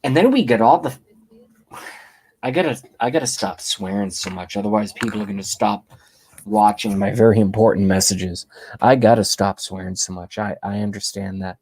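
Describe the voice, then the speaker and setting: A man ranting on camera in a comic, profane political tirade, swinging between loud outbursts and hushed whispers. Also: on the low side, moderate pace, slightly rough. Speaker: channel host ranting on camera. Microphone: webcam.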